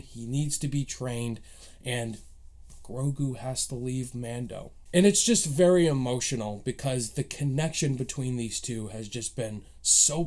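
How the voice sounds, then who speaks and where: A man's voice: mid-range voice, darkish tone. A man giving a casual spoken review of a TV episode, recapping plot beats with eager, emotional enthusiasm. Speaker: movie reviewer.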